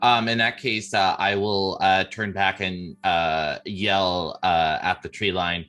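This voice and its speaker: A man describing his character's actions in a tabletop game, pausing often as he talks. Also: low-pitched, fairly even intonation, sharp tone. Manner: halting, many fillers. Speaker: player.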